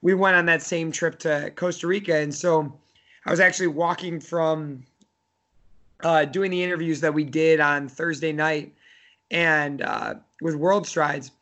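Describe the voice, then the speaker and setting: Chatty man with a higher voice. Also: steady tone, a little slow, bright, forceful tone. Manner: rambling, many fillers and restarts. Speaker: college soccer coach, podcast co-host. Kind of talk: casual podcast chat.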